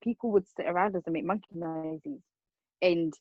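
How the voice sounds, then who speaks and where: A young Rwandan woman speaks about racism, recounting her own experiences earnestly and casually, repeating words and circling back as she goes. Her voice is fairly low with fairly even intonation at a normal speed, and the audio is dull with no echo.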